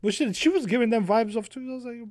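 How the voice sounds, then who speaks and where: A young man hosting a podcast, telling stories in a lively, animated way, acting out what people said and laughing often. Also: very high-pitched, fast, dry recording, clean studio sound. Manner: animated storytelling, acting out quotes, laughs a lot. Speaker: podcast host and streamer. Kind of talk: casual chat.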